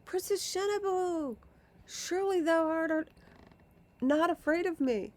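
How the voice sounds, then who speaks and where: A woman voicing a feverish little boy baron calling out in pleading, stumbling cries, in a storybook reading. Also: a little slow. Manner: high, pleading, stumbling calls.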